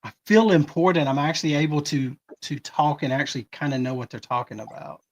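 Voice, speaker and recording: A man's voice: fairly high pitch, fairly quick. A man co-hosting a livestream, chatting casually and asking questions about the setup. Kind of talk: casual chat.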